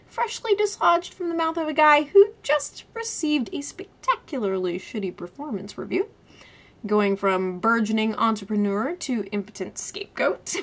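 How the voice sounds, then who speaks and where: Bright-voiced woman reviewing TV. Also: a little high, moderate pace. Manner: animated, laughs often between points; vivid, wordy descriptions. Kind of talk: TV episode review.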